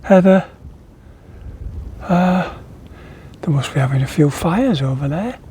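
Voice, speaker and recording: Breathless man grumbling on a slow hike. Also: on the high side, expressive, warm tone, a little hiss or hum. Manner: rambling, muttering to himself, grumbling at the hills. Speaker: hiker vlogger. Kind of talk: walking vlog commentary. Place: outdoors on open moorland.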